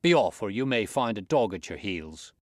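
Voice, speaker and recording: A man voicing a fierce, bullying elderly horse trainer who blusters and shouts. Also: fairly low pitch, very animated, moderate pace, no room sound, studio quality. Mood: angry shouting.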